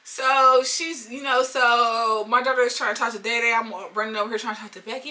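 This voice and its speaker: A young woman telling a storytime vlog in an animated, slangy way, talking straight to her viewers. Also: a little high, fairly quick, hardly any pauses. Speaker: storytime vlogger.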